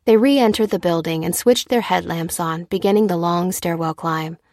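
Woman, story narration, steady, measured, low voice, dry close recording. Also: no room sound. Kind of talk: scripted narration.

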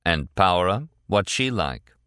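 A man voicing a polite, reserved, bookish young man in a low voice. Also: big pitch swings, takes it slowly, sharp tone, clear, resonant tone, no room sound, clean studio sound, heavily acted.

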